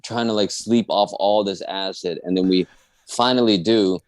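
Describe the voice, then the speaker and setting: A man's voice: sits low, moderate pace, no echo. A man from the Dallas area telling a comic personal story on a podcast, acting out his friends' voices. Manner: animated, acts out friends' voices. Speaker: guest comedian telling a story.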